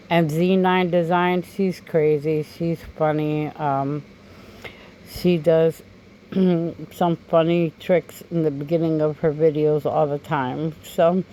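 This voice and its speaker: Slow, chatty woman crafter. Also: low voice, darkish tone, slight background noise, low-quality recording. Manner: chatty, many "um"s and tag "okay?"s. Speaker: craft channel host. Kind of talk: crafting tutorial voice-over.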